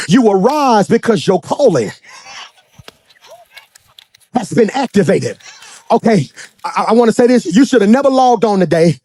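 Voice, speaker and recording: A man preaching a sermon as pastor, swinging from shouted high points to low, quiet asides and acting out characters. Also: no echo. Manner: acts out characters in quick dramatic voices.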